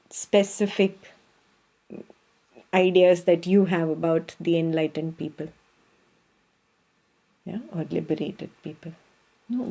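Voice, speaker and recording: Mellow-voiced Indian woman teaching. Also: mid-range voice. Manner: earnest, checks in with listeners often; speaks with her hands. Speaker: spiritual teacher. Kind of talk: spiritual teaching talk.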